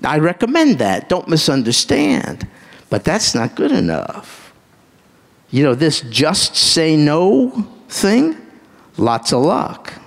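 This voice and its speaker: A man preaching a live sermon to a congregation, emphatic, asking them direct questions and breaking into sudden high exclamations. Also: huge pitch swings, slow, gravelly. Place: church hall with a congregation. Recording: reverberant hall sound.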